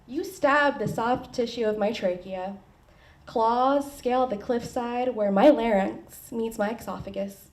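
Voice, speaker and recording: A woman at an open mic, bubbly and giggly as she chats, then reading her poem in a measured way. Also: fairly high pitch. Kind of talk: poetry reading after casual chat. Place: open mic at a poetry library. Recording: distant mic in a room.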